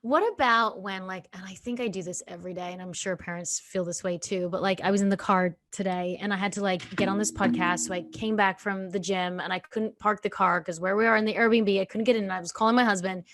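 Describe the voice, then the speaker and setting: A woman's voice: medium pitch, fairly even intonation, fast, hardly any pauses, fairly bright tone. A woman hosting a podcast, chatting candidly and leaning heavily on "like" as she talks. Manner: chatty, candid, filler-heavy with "like". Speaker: podcast host. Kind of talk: casual podcast chat.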